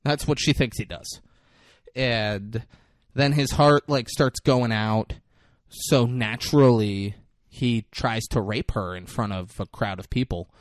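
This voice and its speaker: A man co-hosting a podcast, recapping a movie in casual chat, swearing a lot and acting out the characters' lines in lively bursts. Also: medium pitch, slow, no echo, clean studio sound. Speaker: podcast co-host.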